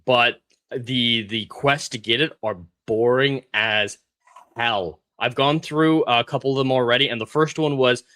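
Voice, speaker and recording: A man's voice: medium pitch, a little slow, sharp tone. A man co-hosting a casual podcast chat, ranting sarcastically and mimicking characters as he tells stories. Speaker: podcast co-host.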